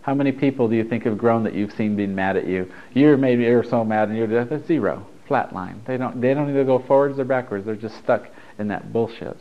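A man's voice: mid-range voice, fairly quick, hardly any pauses, muffled recording. A man giving a loose, conversational spiritual talk to a group, laughing and swearing freely as he teaches.

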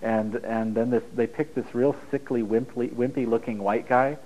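A man's voice: mid-range voice, steady tone, normal speed, darkish tone, low-quality recording. A middle-aged man giving an informal spiritual talk to a live audience, rambling and joking as he goes, often laughing at his own lines. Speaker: spiritual teacher.

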